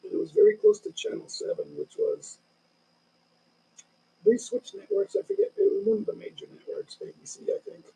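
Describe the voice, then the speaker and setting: Gravelly high-voiced man in his sixties. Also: huge pitch swings, brisk, mellow, low-quality recording. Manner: rambling, loose storytelling with many restarts. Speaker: live-stream host. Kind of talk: casual live-stream chat. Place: home in the Philippines.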